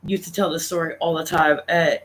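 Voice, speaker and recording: A man's voice: on the high side, level tone, brisk, fairly bright tone, rough recording. A man in his thirties, telling a casual, profane family story to his stream audience. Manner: profane, laughing anecdote-teller.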